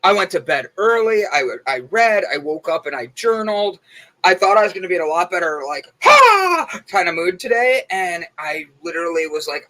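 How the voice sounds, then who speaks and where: A young man co-hosting a relaxed morning show, with a fairly high, bright voice. He tells stories at length in a loose, chatty way, packed with fillers. His tone stays lively and conversational. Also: fairly quick, poor audio. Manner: chatty storytelling, lots of fillers. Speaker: co-host. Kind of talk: casual morning show chat.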